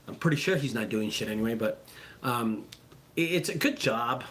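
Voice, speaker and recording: A man who runs a junk removal business, talking casually and excitably to his viewers, swearing freely and repeating himself. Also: medium pitch, moderate pace. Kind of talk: casual profane vlog talk.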